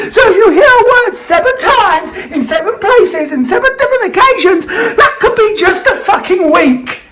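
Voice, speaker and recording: A British woman hosting a vlog delivers an angry, swearing rant, her very high-pitched voice cracking between laughter and tears. The recording quality is low.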